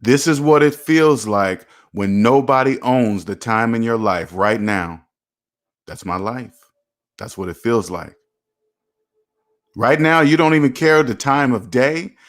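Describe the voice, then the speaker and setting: Speaking a little slowly in a medium-pitched voice, this personal finance channel host gives a motivational livestream talk. He's preachy, repetitive, and emphatic, calling his viewers "you guys."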